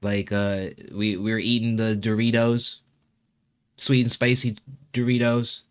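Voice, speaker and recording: A young man, a musician and host, talking through a personal interview in a halting way, with many fillers and restarts. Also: on the low side, level tone, clear, resonant tone, no echo, clean studio sound.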